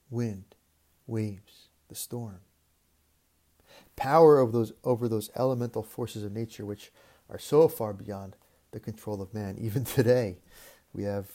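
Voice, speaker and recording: Low-ish mellow guy giving a sermon, measured, repeats himself, lots of pauses. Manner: measured, repetitive, with long deliberate pauses. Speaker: preacher. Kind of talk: reflective sermon.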